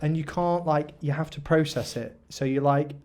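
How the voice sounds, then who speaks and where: Podcast co-host, twenties, slightly higher voice, rambling crude stories, funny voices. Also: male voice, steady tone, normal speed, a little mellow. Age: 20s. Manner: rambling storytelling with put-on voices. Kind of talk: crude casual banter.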